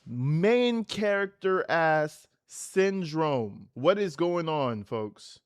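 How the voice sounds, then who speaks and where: A man's voice: a little high, expressive, extremely slow, clear, resonant tone, no room sound, studio quality. Profane, mocking male livestreamer. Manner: slangy, casual. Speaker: livestream host. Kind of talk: livestream reaction commentary.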